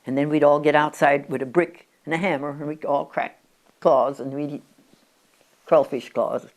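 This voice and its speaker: Elderly woman in her nineties with a low voice, a rambling interviewee recalling the past. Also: steady tone, normal speed, a little mellow. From Oregon, USA. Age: 90s. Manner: chatty, with frequent restarts and stumbles. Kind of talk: rambling reminiscing. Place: at her country home.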